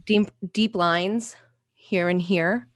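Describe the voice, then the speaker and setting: A woman in her thirties, a guest on a comedy podcast, talking in a deadpan, matter-of-fact way. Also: fairly low pitch, slow, no echo. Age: 30s.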